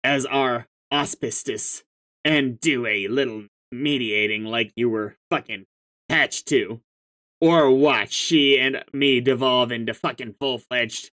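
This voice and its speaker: A man's voice: mid-range voice, takes it slowly, bright, forceful tone. A man reading aloud as a pushy, profane young sea troll with schemes of his own, speaking in a mocking tone. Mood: scornful.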